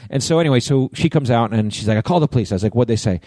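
A man's voice: medium pitch, racing, no room sound. A man co-hosting a podcast, telling a long story in casual chat, swearing freely and acting out the people in it. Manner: profane, animated storyteller acting out both sides of a quarrel. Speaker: podcast co-host.

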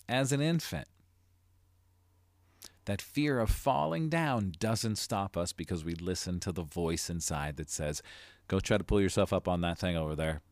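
A man hosting a motivational podcast as a life coach, talking earnestly and building to emphatic, animated delivery. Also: mid-range voice, no room sound.

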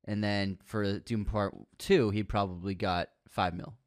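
A man co-hosting a casual chat in a playful, joking way, tossing out quick short replies. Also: on the low side, fairly even intonation, no room sound, clean studio sound. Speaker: podcast co-host.

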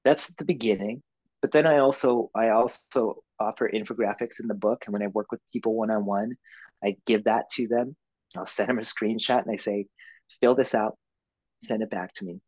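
Husky-voiced man, easygoing coach. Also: lowish voice, no room sound, muffled recording. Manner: easygoing, laughs often, explains in a calm coaching way. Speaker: podcast guest, author and yoga instructor. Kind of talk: conversational podcast interview.

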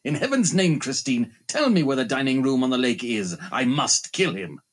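A man's voice: mid-range voice, very animated, moderate pace, slightly rough. A man voicing a fierce, desperate young nobleman in an audiobook, speaking urgently. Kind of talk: audiobook reading.

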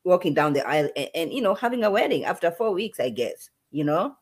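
Low-voiced woman in casual chat. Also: big pitch swings, husky. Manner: measured, restarts often. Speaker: co-host. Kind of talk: casual live-stream recap chat.

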